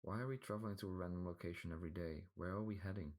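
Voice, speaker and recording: A worried young boy hero full of anxious questions, read in a very deep, low voice, by a man doing his lines. Storybook adventure. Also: steady tone, rapid-fire, a little mellow, natural voice. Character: thirteen-year-old boy hero, worried.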